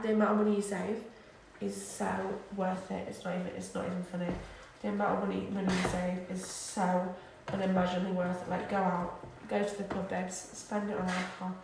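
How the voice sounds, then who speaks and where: A woman's voice: on the low side, gravelly, distant mic, background noise. A drunk young woman from England streaming late at night, rambling chattily and repeating herself. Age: young adult. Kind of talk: casual drunk livestream chat. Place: student flat kitchen. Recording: echoey room, voice off-mic at times.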